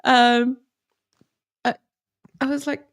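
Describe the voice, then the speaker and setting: A woman from South Africa with an Afrikaans accent, her voice sitting a little on the high side. She co-hosts a relaxed chat, telling stories full of laughs and quoted asides. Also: measured pace. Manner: giggly storytelling with quoted asides. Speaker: co-host. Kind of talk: casual chat.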